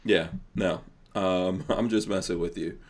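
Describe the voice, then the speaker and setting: A man's voice: deep voice, steady tone, a little slow. Podcast guy reading chat comments, teasing, voice drops off at the end of lines. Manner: teasing, trails off quietly at phrase ends.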